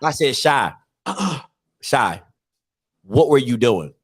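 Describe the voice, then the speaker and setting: A man in his thirties hosting a casual talk show, telling family stories with animated voices and frequent laughter. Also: mid-range voice, a little slow, pauses often. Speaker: podcast host. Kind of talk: casual storytelling.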